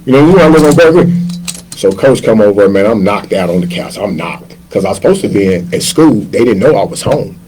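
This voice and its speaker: A man in his fifties, a chef, telling his life in a relaxed sit-down interview. He talks in loose slang and keeps slipping into other people's voices as he acts out their quotes. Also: lowish voice, quick pace, slight background noise, low-quality recording. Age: 50s. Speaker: chef guest. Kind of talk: casual storytelling interview.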